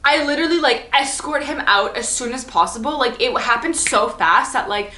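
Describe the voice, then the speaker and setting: A woman's voice: high voice, moderate pace, sharp tone, roomy sound, slight background noise. A young woman chatting animatedly through a storytime vlog, full of fillers and acted-out dialogue. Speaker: vlogger.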